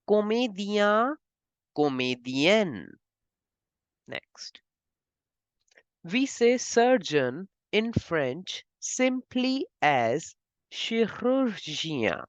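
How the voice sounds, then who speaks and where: A woman's voice: lowish voice, dry recording, lo-fi sound. A woman teaching French job names in English, breaking words into syllables and repeating them. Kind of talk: slow pronunciation lesson.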